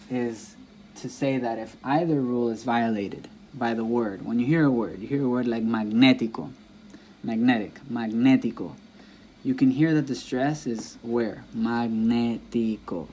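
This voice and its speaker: A man teaching a language lesson in a patient, repetitive way, saying example words aloud several times so the stress is clear. His voice is mellow and dark, at a middle pitch for a man. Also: moderate pace, slight background noise. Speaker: Spanish teacher. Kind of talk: classroom-style lesson explaining grammar.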